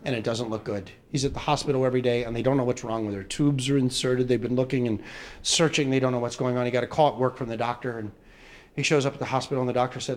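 A man telling bawdy, crude jokes as a comedian, with an animated storytelling delivery. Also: medium pitch, fast.

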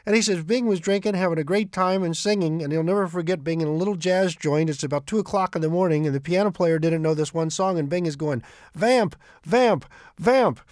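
Male storyteller, high-pitched, animated, dry close sound. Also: fast talker, hardly any pauses, dry recording. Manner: animated, repeats quoted speech. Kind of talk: retelling anecdotes.

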